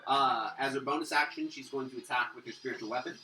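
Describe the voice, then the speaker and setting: A man narrating a tabletop game as game master, animated and storytelling. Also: medium pitch, fast talker, background noise. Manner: animated storyteller, acts out monsters. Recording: roomy, distant mic.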